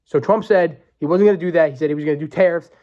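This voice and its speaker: A man's voice: fairly high pitch, a little mellow, lo-fi sound. A man in his twenties hosting a podcast, ranting with heavy swearing and stopping now and then to think. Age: 20s. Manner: profane, fired-up ranting with pauses to think. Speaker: podcast host.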